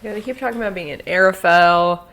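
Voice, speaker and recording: A woman's voice: lowish voice, fast, fairly bright tone. A woman co-hosting a podcast, chatting casually and agreeing often with short affirmations. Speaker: podcast co-host. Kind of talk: casual chat.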